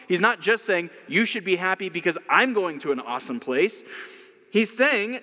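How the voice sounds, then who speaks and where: Bright-voiced preaching man in a hall. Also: high-pitched, expressive, moderate pace. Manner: conversational preaching with asides. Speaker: pastor. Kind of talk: sermon.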